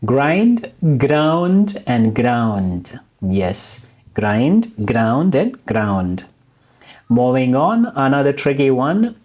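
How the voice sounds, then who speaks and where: A man teaching English in a recorded lesson, slowly drilling verb forms and repeating each one deliberately. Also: medium pitch, sing-song, a little mellow.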